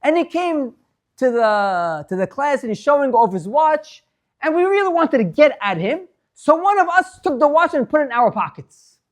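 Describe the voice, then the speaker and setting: A man voicing an eager, grateful twenty-five-year-old teacher who is pleading and excited as he tells his story. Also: very high voice, moderate pace, voice pushed up.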